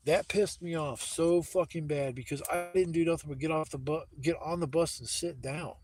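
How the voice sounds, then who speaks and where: Man, casual livestreamer outdoors on a phone, slightly high voice, loose and profane storyteller. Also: darkish tone. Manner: rambling, profane, heated retelling with quoted dialogue. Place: outdoors in woods.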